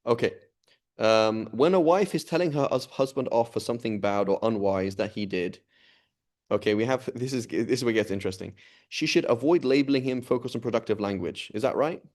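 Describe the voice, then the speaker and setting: An Islamic studies teacher leads an informal class, his mid-range voice brisk and a little dark in tone. He talks conversationally and keeps checking in with his students.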